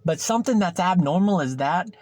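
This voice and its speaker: The young host's voice is high and a little mellow, lively in intonation and slightly fast. Alone on his podcast, he chats loosely, goes in circles, and curses freely.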